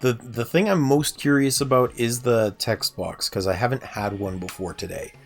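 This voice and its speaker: A man's voice: mid-range voice, normal speed, gravelly. A young man streaming a game playthrough, chatting casually and asking viewers for feedback. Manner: chatty, asks chat for feedback. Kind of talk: casual livestream gameplay commentary. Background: faint game music.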